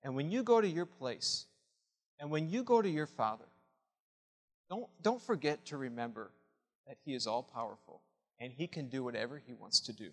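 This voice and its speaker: A man preaching a sermon with passion, dropping to a hush and then rising to loud cries. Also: medium pitch, animated, moderate pace, pauses often, big-room sound. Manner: impassioned preaching, swinging from hushed to loud. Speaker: pastor.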